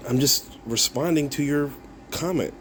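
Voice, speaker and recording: A man's voice: on the high side, measured pace, fairly bright tone, slight background noise. A content creator, a man, replying to viewer comments in a casual rant, mocking and swearing, breaking into laughs and repeating himself.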